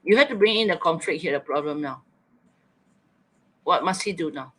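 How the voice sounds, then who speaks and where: A man's voice: a little high, lively intonation, moderate pace, pushed and bright, low-quality recording. A man teaching an online writing lesson, coaxing students, thinking aloud and repeating their chat answers back.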